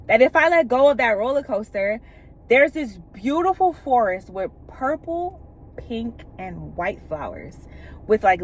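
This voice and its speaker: A woman speaking in a candid, emphatic storytelling manner, with casual profanity, acting out what people said as she recounts scenes, from inside a vehicle away from home. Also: a little high. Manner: retells scenes by acting out quoted speech. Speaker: vlogger sharing spiritual experiences.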